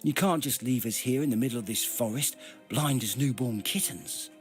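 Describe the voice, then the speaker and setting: A man reading aloud, voicing a blunt male warrior who shouts angrily and quickly. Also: mid-range voice, pitched above the performer's own voice, natural voice. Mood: angry. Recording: music behind.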